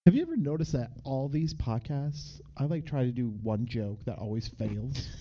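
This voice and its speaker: A man's voice: medium pitch, lively intonation, normal speed, warm tone, dull audio, a little hiss or hum. A man co-hosting a podcast, tossing in dry, sarcastic remarks in casual chat. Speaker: podcast co-host.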